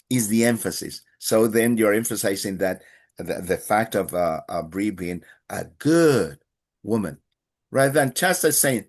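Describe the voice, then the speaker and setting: A man's voice: fairly low pitch, animated, unhurried. A man teaching a beginner Spanish class, explaining patiently with many fillers and acting out short dialogues. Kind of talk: live online Spanish lesson.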